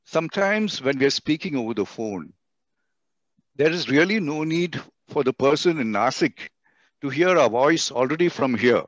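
Expressive Indian English speaker in a dry webinar. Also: male voice, moderate pace, no room sound. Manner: expressive, swings his voice high and low to demonstrate. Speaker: guest speaker on communication. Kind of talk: webinar lecture. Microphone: computer mic on a video call. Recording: dry, dull webinar audio.

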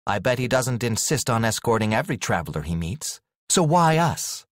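A man's voice: big pitch swings, normal speed, no room sound, clean studio sound, natural voice. A man voicing a young woman, a witch, who talks in pleading, insistent questions in an audiobook. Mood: questioning. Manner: pleading, questioning, pitched up high.

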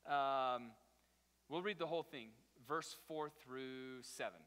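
Bright-voiced man preaching in a hall. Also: mid-range voice, takes it slowly, clean tone. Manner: storytelling, animated, with restarts. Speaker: pastor. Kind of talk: sermon. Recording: reverberant hall.

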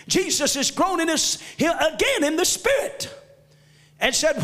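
A male pastor preaching a fervent sermon in a church, often shouting. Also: extremely high pitch, big pitch swings, slow, pauses often, in a large hall. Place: church sanctuary.

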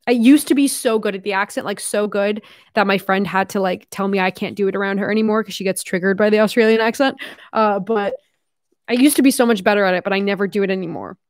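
A young Canadian YouTuber in her twenties reads fan mail aloud in a casual vlog, chatty and giggly, swearing casually and slipping into a mock Australian accent while reading. Her voice is medium-pitched with fairly even intonation and a slightly fast pace, recorded clean in a studio with no echo.

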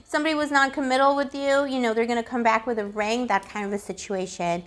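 A woman giving a casual tarot reading, playful and affectionate, calling the listener pet names, her voice slightly hoarse. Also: fairly high pitch, fairly even intonation, quick pace. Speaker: tarot reader.

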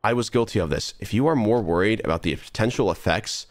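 A man's voice: on the low side, fast, no room sound. Earnest young man rambling on stream. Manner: rambling, earnest, many restarts and trailing asides. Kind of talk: casual live-stream monologue while gaming.

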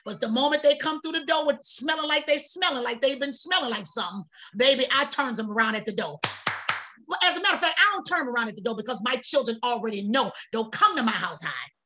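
Fiery high-voiced preaching woman. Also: animated, quick pace, pushed and bright. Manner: fiery, folksy preaching with repetition. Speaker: prophetess. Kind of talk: preaching on a prayer broadcast.

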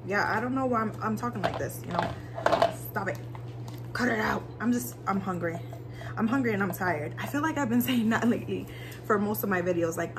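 A woman's voice: mid-range voice, normal speed, long pauses, noisy background. A woman chatting casually in a cooking vlog, rambling with lots of fillers while she makes food at home. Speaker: vlogger.

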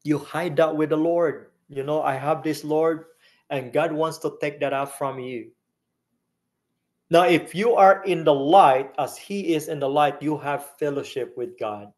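Guy pastor w a teaching a sermon, slow n steady, kinda high voice, keeps asking the crowd stuff. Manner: teaching Bible study, questions the congregation.

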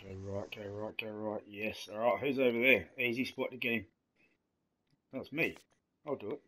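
A man's voice: on the low side, steady tone, normal speed, pushed and bright, a little hiss or hum. A young man giving casual gameplay commentary, joking and swearing with friends. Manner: swearing, laughing banter. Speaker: gaming host.

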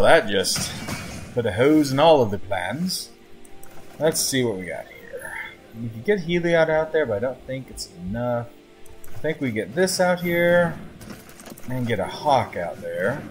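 A man giving casual live commentary on his own card game, chatting to his opponent as he plays. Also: medium pitch. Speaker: gameplay commentator.

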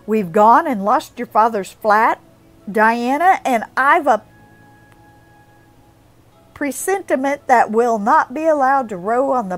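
A woman voicing a spirited, imaginative teenage girl who talks earnestly and expressively. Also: a little high.

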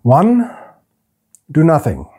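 Guy doing a polite little healer man, soft formal storybook voice, dark and husky. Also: fairly high pitch, huge pitch swings, voice pushed up, full character voice. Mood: calm, courteous. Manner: formal, soothing, slow and careful.

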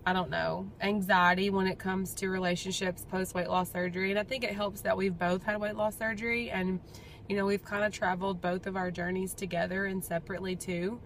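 A woman's voice: medium pitch, level tone, a little fast, a little hiss or hum. A young woman, talking through a casual personal update vlog in a chatty, rambling, heartfelt way. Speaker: vlogger.

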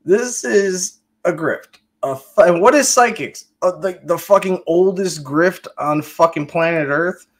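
A man's voice: high voice, measured pace, few pauses. Profane ranting male commentator. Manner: profane, sarcastic, heated. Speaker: commentary host.

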